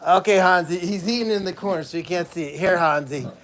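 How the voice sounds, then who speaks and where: A man's voice: fairly high pitch, fast, a bit bright, a little hiss or hum. A man hosting a casual livestream outdoors at an animal sanctuary, chatting with viewers and calling animals by name.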